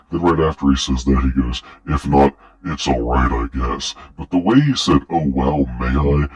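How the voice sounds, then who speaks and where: A man's voice: a bass voice, far from the mic, poor audio. A young man doing online commentary, sarcastic and mocking, swearing often as he reads out messages. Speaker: commentary creator.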